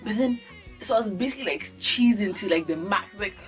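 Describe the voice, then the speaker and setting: A woman's voice: medium pitch, brisk, faint music behind. A young woman from Ghana talking on her beauty vlog, joking and acting out everyday moments with sudden jumps in her voice. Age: young adult. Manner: animated, acts out little scenes with sudden jumps in voice. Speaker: beauty vlogger. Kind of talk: casual comedic vlog monologue. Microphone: camera mic.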